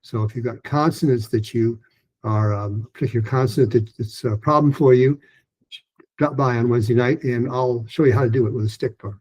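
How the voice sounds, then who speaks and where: A man teaching a pronunciation lesson, explaining hand gestures in a relaxed, informal way with many fillers. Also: medium pitch, fairly quick, breathy edge. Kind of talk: online lesson.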